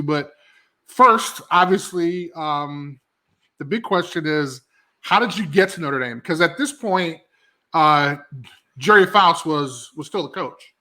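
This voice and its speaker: Male podcast host, bright high voice, casual and upbeat. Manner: upbeat, friendly, slangy. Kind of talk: casual interview chat.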